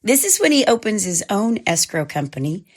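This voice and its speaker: A woman with a hoarse voice from a cold, co-hosting and narrating a true crime podcast in a measured, scripted way. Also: mid-range voice, very animated. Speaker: podcast co-host.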